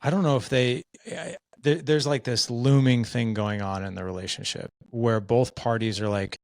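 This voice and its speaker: A man's voice: medium pitch, fairly even intonation, moderate pace, dry recording. A man hosting a podcast interview, conversational, often checking in with "right?". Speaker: podcast host.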